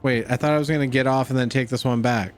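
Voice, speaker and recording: A man's voice: mid-range voice, fairly even intonation, quick pace. A young man streaming a space game, giving casual commentary full of cursing, jokes and laughter. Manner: profane, joking, laughs often, calls everyone dude. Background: game music.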